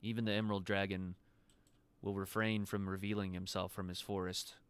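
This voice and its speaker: A man's voice: low voice, flat delivery, brisk, fairly bright tone, smooth, no echo. A man voicing a cautious, earnest male creature guide in a tabletop role-play.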